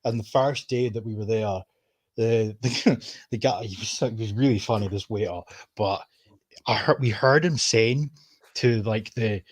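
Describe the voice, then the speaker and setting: A man's voice: on the low side, unhurried. A Scottish man chatting casually on a stream, swearing freely and laughing through his anecdotes. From Scotland. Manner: swears freely, laughs while telling stories. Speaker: stream guest. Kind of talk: casual chat.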